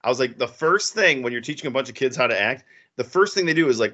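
A man co-hosting a podcast in a casual, profane, animated way, laughing often. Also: mid-range voice, fast. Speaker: podcast co-host. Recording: dull lo-fi sound.

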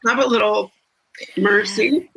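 A woman's voice: medium pitch, measured pace, a loud crowd, rough recording. A woman talking reflectively in a casual group chat over a video call, with many restarts. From United States. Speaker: guest.

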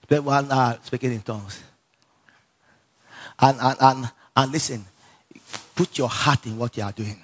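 This sermon comes from a man with a Nigerian accent who preaches through animated stories, laughs a lot, repeats phrases and prompts the congregation to answer back. He's medium-pitched and measured, pausing often, with slight background noise.

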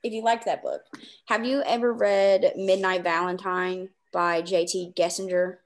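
Gushing, excitable woman podcast host. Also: on the low side. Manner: excitable, gushing, fast rambling with many fillers. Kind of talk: casual podcast chat.

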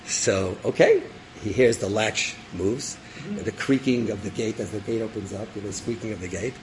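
Animated man telling a sermon story. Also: fairly low pitch, moderate pace, slight background noise, poor audio. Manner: animated storyteller, acts out characters, laughs; sprinkles Hebrew and Yiddish terms. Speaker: rabbi.

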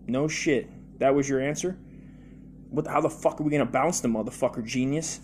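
A man's voice: medium pitch, brisk, darkish tone, a little hiss or hum. A man hosting a comedy podcast, rambling through a profane monologue full of fillers and restarts.

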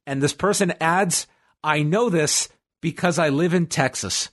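A man's voice: fairly high pitch, a little slow, a bit bright. Chatty man recapping with fillers. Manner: rambling, stop-start with frequent fillers. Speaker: podcast co-host. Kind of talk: casual wrestling recap chat.

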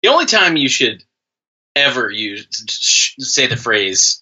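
A man's voice: mid-range voice, very animated, a little slow, sharp tone, slightly rough, highs cut off. A man co-hosting a comedic podcast, ranting emphatically and swearing freely. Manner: profane, emphatic rants. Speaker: podcast co-host. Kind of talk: casual comedic podcast banter.

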